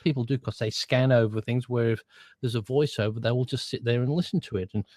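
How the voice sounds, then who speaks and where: A man chatting casually, talking things through with quick restarts. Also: mid-range voice, fairly even intonation, darkish tone, dry recording. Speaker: co-host, voiceover worker. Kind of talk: casual chat.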